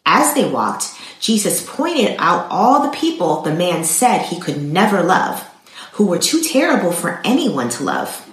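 Expressive woman telling a devotional story. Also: on the low side, measured pace. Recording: roomy echo.

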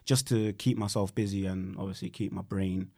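A man's voice: deep voice, fairly even intonation, normal speed, creaky, a little mellow. A man chatting casually about acting work, laid-back and repeating words as he thinks. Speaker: actor guest. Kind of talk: casual chat.

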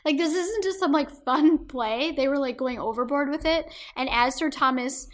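A woman with a high, light voice co-hosts a casual book podcast. She talks in a loose, chatty way, full of "like" and quick laughs. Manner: chatty, filler-heavy with frequent "like", laughs often. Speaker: podcast co-host. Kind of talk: casual book discussion chat.

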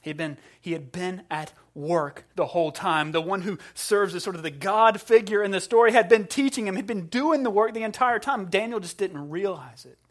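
A male pastor preaching a sermon to a congregation, telling stories in a casual, animated way with asides. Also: high voice, normal speed, few pauses. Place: church in front of a congregation.

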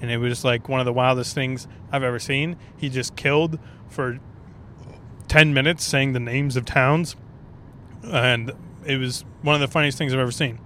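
A male comedian rambles through a loose, profane solo podcast. His voice sits at an ordinary middle pitch. A faint road noise hums underneath. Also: fairly even intonation, moderate pace, a bit bright. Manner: rambling, profane, laid-back. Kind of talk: casual solo podcast monologue.

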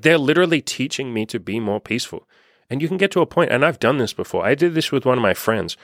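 Male life coach, lowish voice, dry close sound, lively storytelling with swearing. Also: no echo. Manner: animated storytelling with casual swearing. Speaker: life coach and podcast host. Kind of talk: casual motivational monologue.

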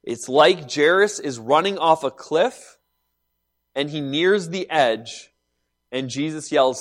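A man preaching a sermon, reading scripture and explaining it with animated emphasis and quiet asides. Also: on the high side, a little slow. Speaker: pastor.

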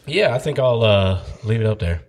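A man's voice: fairly low pitch, lively intonation, normal speed, a little mellow. A young adult man, a pastor co-hosting a podcast in casual chat, upbeat and laughing often, with lots of fillers. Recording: long room reverb.

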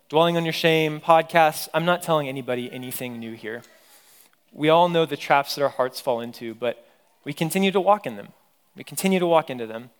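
A man's voice: fairly high pitch, clean tone. A pastor in his thirties preaching a sermon, earnest and emphatic, repeating key phrases.

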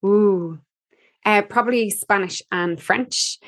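A woman's voice: medium pitch, slow, no room sound, studio quality. A woman frankly giving her opinions in an interview, with some ums. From Ireland. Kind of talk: casual interview answer.

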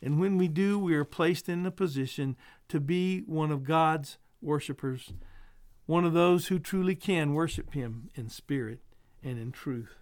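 A male preacher delivers a sermon in an earnest, measured voice that sits a little high for a man. He eases into soft, quiet endings as he wraps up each thought. The sound is dry and close, with no room echo. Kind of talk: sermon with closing prayer.

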